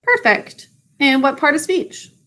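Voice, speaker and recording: Brief: a woman as a high, bright-voiced phonics teacher, slowly sounding out words. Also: lively intonation. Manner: slow, drawn-out sounding out of words; encouraging praise for students. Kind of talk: spelling and phonics lesson.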